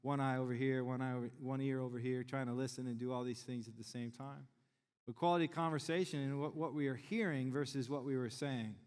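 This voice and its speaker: A middle-aged pastor with a deep, darkish, clean-sounding voice preaches to his congregation in a conversational, joking manner. His tone stays steady and his pace runs a little fast, with long church-hall reverb from the large sanctuary around him.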